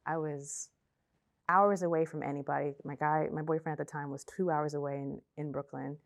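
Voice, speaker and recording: A young woman telling her personal faith testimony, emotional and halting, often repeating herself and trailing off. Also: deep voice, flat delivery, creaky. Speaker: testimony speaker.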